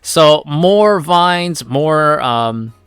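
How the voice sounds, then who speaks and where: A man's voice: on the high side, animated, very slow, fairly bright tone, smooth, dry recording, faint music behind. A man giving a rambling, profane, casual recap of a comic, full of filler words. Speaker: comic reviewer.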